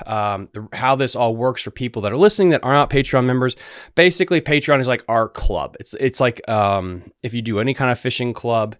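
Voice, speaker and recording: A man's voice: medium pitch, lively intonation, brisk, clean tone, no echo, clean studio sound. A man hosting a casual livestream from his room at home, chatting loosely to his viewers with restarts and asides. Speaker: podcast host. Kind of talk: casual livestream talk to chat. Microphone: desk microphone.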